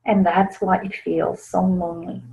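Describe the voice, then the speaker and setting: A woman presenting a webinar on grief in a gentle, soft-spoken way with small laughs. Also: fairly low pitch, level tone, measured pace. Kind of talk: teaching webinar talk. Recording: slightly dull lo-fi webinar audio.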